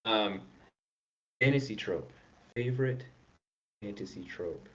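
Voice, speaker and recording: A man's voice: lowish voice, slow pace, highs cut off. A man hosting a live-streamed podcast, chatting casually with plenty of ums. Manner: relaxed, chatty, frequent ums. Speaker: podcast host.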